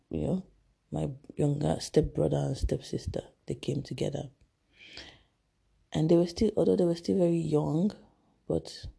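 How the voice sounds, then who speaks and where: A young woman, telling a personal story in a halting, emotional way with many restarts. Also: low voice, creaky, warm tone, husky. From Nigeria. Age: young adult.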